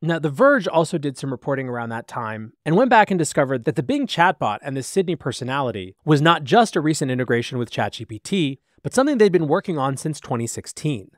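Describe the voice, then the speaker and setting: A male podcast host delivers AI news commentary in brisk, animated storytelling. He talks fast with a lively, rising and falling pitch. The sound is close and dry, with no room echo.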